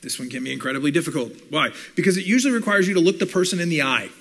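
A man delivers a sermon with the energy of a classroom lecture. His voice is bright and sits a little high. He slips into quick acted-out voices for the people he quotes. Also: slightly rough. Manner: animated teaching, acts out quoted listeners. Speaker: pastor and communications professor.

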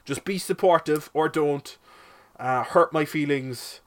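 A man's voice: a little high, takes it slowly. A man hosting a solo podcast from his shed, rambling and swearing in a self-mocking comic way. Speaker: podcast host. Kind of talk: casual solo podcast monologue.

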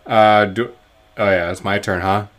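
A man's voice: fairly low pitch, fairly even intonation, unhurried, fairly bright tone. A man co-hosting a podcast, talking in a laid-back casual way and swearing now and then. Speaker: podcast co-host. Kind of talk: casual chat.

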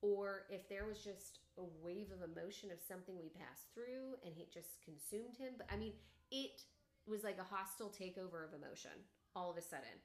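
A middle-aged woman, a podcast co-host, chatting casually and telling stories with lively acted-out quotes. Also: medium pitch, a little fast. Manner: animated storyteller, acts out quotes loudly. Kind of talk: casual chat. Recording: echoey room.

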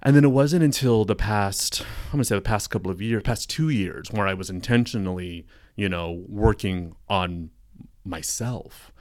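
Low-voiced man, earnest and reflective. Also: moderate pace, darkish tone, no room sound, studio quality. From Stockton, California. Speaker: podcast guest, coworking space owner. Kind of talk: casual podcast interview.

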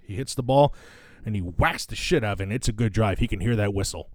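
A man's voice: fairly low pitch, fast talker, dry recording. A man co-hosting a casual podcast, telling long jokes and breaking into laughter at his own punchlines. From Midwest US. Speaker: podcast co-host.

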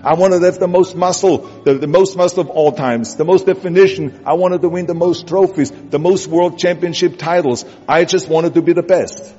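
A man's voice: sits high, steady tone, moderate pace, few pauses, warm tone, husky. A man with a German accent giving an emphatic, repetitive motivational speech that urges the listener on. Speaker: motivational speaker. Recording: dull audio with long hall reverb. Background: music bed.

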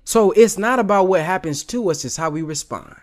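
A man's voice: sits high, expressive, fairly quick, darkish tone. A man giving casual motivational commentary on video clips, emphatic and slangy, often calling his listener "man".

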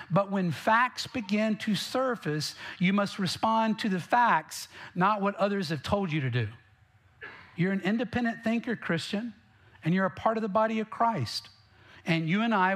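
Brief: male pastor, slightly high-pitched, punchy sermon delivery. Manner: emphatic preaching, direct questions to the congregation.

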